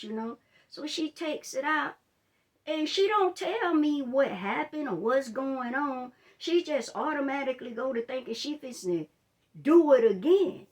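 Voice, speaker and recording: A woman telling a personal story in a storytime vlog, chatting straight to her viewers and retelling it with drama. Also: mid-range voice. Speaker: life coach.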